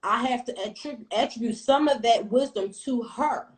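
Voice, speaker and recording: A woman in her thirties tells a story from her own life on a casual livestream. She is blunt and swears freely, and her telling is animated. Her voice sits a little high. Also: moderate pace, poor audio. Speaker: livestream host.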